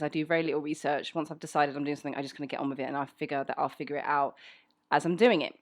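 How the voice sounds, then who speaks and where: A woman in her thirties with a South London accent, chatting frankly from home as she answers listener questions, her speech full of ums. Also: lowish voice. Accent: South London English. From England. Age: 30s. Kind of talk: casual chat.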